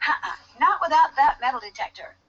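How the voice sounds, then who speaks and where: A woman's voice: sits high, animated, brisk, fairly bright tone. A woman voicing a persistent young female detective in a video game, eager and insistent, in dull lo-fi audio. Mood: determined.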